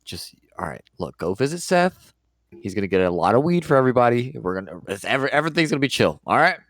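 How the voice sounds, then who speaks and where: A man playing a tabletop role-playing game, animated and playful in character, laughing often. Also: medium pitch, fast, dry recording, studio quality. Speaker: player.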